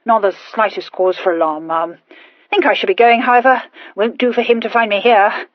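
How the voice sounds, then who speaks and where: A woman voicing a fussy, punctilious gentleman who talks in clipped, breathless phrases that drop their words. The recording is dull and dry. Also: medium pitch, steady tone, normal speed, no echo, close to an everyday voice. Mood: flustered.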